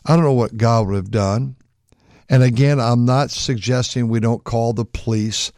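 A man's voice: steady tone, normal speed, darkish tone, dry recording, studio quality. Older man preaching in a folksy way. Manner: folksy storytelling with frequent restarts; acts out quoted voices in a higher pitch. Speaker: pastor. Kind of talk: sermon.

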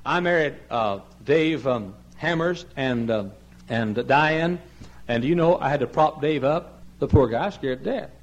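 A man preaching a sermon as pastor, pleading loudly and then dropping low and quiet. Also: measured pace, rough recording. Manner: impassioned preaching, swinging from loud high pleading to low quiet tones.

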